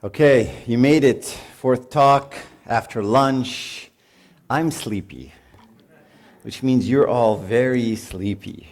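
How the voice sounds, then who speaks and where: A man's voice: mid-range voice, slow pace, darkish tone. A middle-aged man giving a joking, conversational talk at a marriage retreat and putting questions to his audience. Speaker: retreat speaker.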